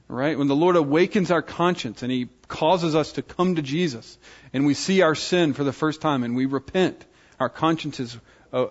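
A man delivers an earnest sermon, checking in with his hearers again and again. His voice sits a little high. The recording is dull and lo-fi. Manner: earnest, asks the audience "right?" often. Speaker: preacher.

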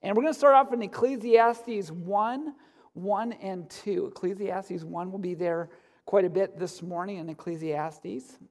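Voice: medium pitch, measured pace, darkish tone. A pastor giving a casual, joking sermon from a church stage, full of fillers and asides. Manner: conversational, joking, many fillers. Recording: long hall reverb.

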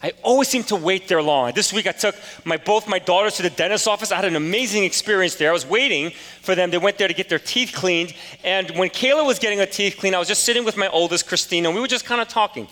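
A man's voice: sits high, quick pace, hardly any pauses, sharp tone, big-room sound. A man in his forties preaching a sermon in a casual, storytelling way with self-deprecating humor. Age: 40s. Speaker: pastor.

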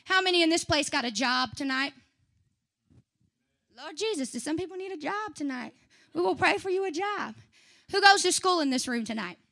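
Fiery young woman preacher, high bright voice. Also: lively intonation, moderate pace, creaky, long pauses. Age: young adult. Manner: fiery, rising to shouts then dropping to chatty asides. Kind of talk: sermon.

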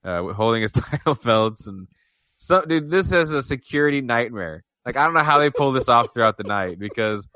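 A man's voice: mid-range voice, lively intonation, moderate pace, sharp tone, no room sound. A man co-hosting a podcast in casual chat about old wrestling, laid-back, saying "dude" and acting out his own reactions. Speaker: podcast co-host.

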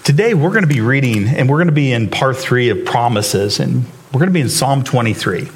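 A man's voice: mid-range voice, expressive, fairly quick. A man preaching to a church congregation in a casual, off-the-cuff way, with many fillers and restarts, and he becomes emotional while telling a story. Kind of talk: sermon. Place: church sanctuary with live congregation.

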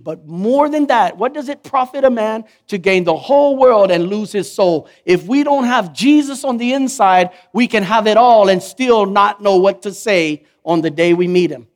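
A man preaching a sermon as pastor, in an animated, conversational way, acting out the voices he quotes. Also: sits high.

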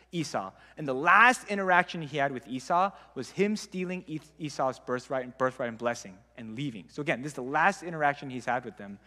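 A man's voice: fairly high pitch, sharp tone. A young man giving a casual, conversational Bible talk with frequent "like" fillers. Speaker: Bible teacher. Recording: long hall reverb.

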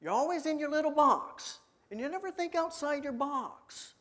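A man voicing a patient but exasperated male teacher who gently scolds his followers. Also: extremely high pitch, expressive, normal speed, voice pushed up.

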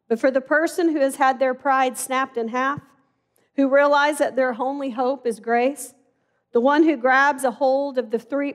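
Middle-aged woman preacher, high-pitched, chatty storytelling sermon. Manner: conversational, animated storytelling with acted-out dialogue.

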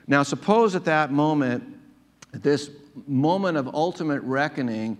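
A man preaching a sermon in a conversational style, with frequent restarts and fillers, slowing down and lifting his voice on key points. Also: a little high, expressive. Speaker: pastor.

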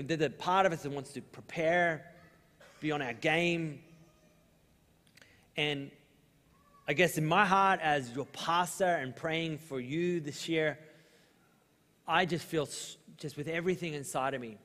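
A young adult man with an Australian accent, preaching a sermon as pastor in a relaxed, storytelling way with lively asides. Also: fairly high pitch. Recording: long hall reverb.

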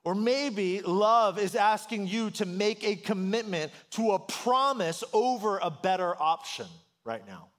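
A high-pitched man in his thirties delivers a sermon as a pastor. He talks conversationally and tells stories with rising, animated emphasis. His voice sits well above most men's. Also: measured pace, few pauses.

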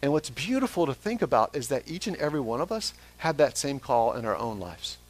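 A man's voice: mid-range voice, sing-song, a little fast, no room sound. A man preaching a sermon as pastor, asking the congregation question after question. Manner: asks the congregation repeated questions.

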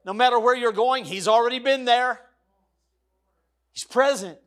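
A middle-aged pastor preaches a sermon in an extremely high-pitched voice at normal speed. His cadence is emphatic and repetitive, swinging between loud exclamations and hushed, soft passages.

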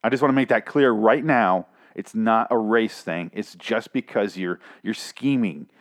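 A man voicing a blunt, threatening male leader with low, hushed threats. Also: a little slow, natural voice.

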